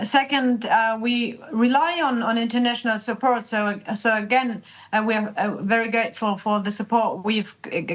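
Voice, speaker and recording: A woman's voice: fairly high pitch, rough recording. A woman from Germany with a German accent, a politician guest speaking earnestly in a remote interview, English not her first language.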